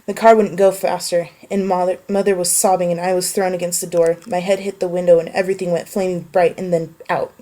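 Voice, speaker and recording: A woman with a slightly low voice talks in an offhand, wry way. She makes a casual voice post and answers a list of questions. When she reads prose aloud, she slows down and keeps it even. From United States. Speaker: vlogger answering a question meme.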